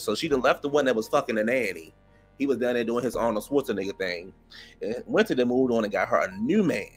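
Animated gossipy man with a DMV accent. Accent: DMV (Washington DC area). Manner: animated and gossipy, laughing often, big jumps in pitch when acting out others. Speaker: reality TV recap host. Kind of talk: casual chatty episode review.

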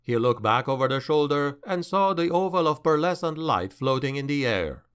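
A man narrating a dark fantasy audiobook in a measured, dramatic way. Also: on the high side, lively intonation, clean tone.

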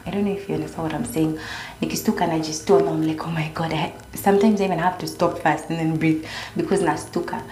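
A woman's voice: sits low, fairly even intonation, fast talker, dark tone. Chatty young Kenyan woman, echoey room. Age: young adult. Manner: chatty, mixing in Swahili slang. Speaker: vlogger. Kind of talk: casual chat.

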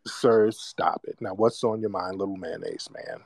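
A man's voice: low voice, wildly swooping pitch, normal speed, vocal fry, dry recording. An American man hosting a call-in radio show, mocking and trash-talking his callers. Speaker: radio host.

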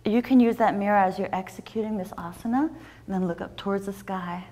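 A woman teaching a yoga class, giving gentle, encouraging step-by-step instructions. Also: medium pitch, brisk.

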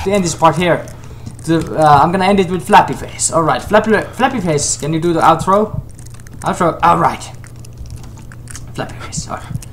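A man's voice: a little high, expressive, normal speed, fairly bright tone, a little hiss or hum. A man commentating a horror game he is playing, jumpy, shrieking and laughing when scared. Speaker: gaming commentator.

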